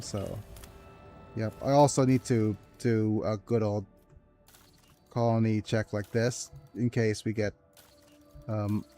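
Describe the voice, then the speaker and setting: A man playing through a strategy game, talking softly and hesitantly as he reads menus and plans quests. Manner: soft low-key delivery, calling it his ASMR voice. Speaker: gaming video host. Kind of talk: let's play commentary.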